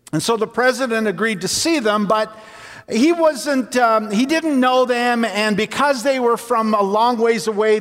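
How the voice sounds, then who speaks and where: A man preaches a sermon in an unhurried, deliberate way, weaving anecdotes and light jokes into his points. His voice sits high for a man. It rings out with a long reverb, as in a church hall. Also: a bit bright.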